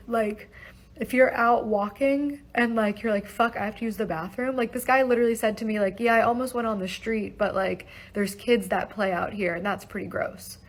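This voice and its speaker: Young woman, husky voice, casual storytime vlog, emotional, shaken, fast swearing chatter. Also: medium pitch, steady tone, poor audio. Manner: fast, breathless, heavy use of "like" and swearing. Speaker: storyteller recounting a personal event.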